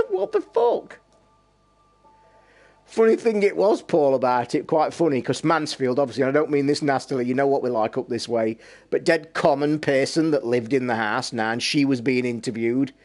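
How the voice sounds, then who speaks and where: A man's voice: medium pitch, fairly quick, a little mellow. A man with a Derbyshire accent chatting casually with his stream viewers, telling rambling stories with plenty of swearing and laughter. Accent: East Midlands English (Derbyshire). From Derbyshire, England. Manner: sweary, rambling storyteller who laughs a lot. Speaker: livestream host.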